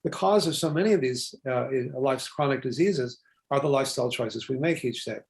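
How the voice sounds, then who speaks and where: An older man from Texas, a physician guest telling stories in an interview, talking quickly with asides and quoted dialogue. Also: medium pitch. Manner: fast, chatty, with asides and acted-out quotes. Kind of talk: animated storytelling interview.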